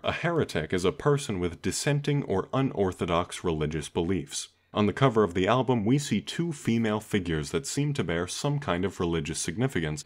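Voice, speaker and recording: A man with a fairly low voice reads a scripted comedy narration. His delivery is deadpan and dry, with a sarcastic edge. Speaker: video essay host.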